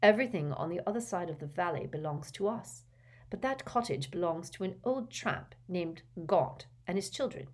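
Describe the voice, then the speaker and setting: A woman puts on a smug young gentleman, offhand and dismissive. It stays close to the reader's own low voice, an audiobook figure. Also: animated, normal speed.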